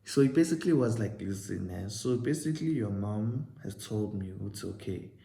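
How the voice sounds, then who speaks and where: A man's voice: on the low side, expressive, moderate pace, gravelly, warm tone, roomy sound. A young man with a South African accent, casually telling a storytime and acting out both sides of the conversation. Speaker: vlogger.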